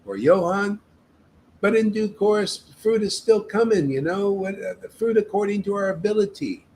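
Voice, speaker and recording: A man's voice: high voice, normal speed, a little mellow, a little hiss or hum, rough recording. A man leading a devotional meetup, preaching in an emphatic, casual way and often tagging his sentences with "man". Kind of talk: informal devotional sermon.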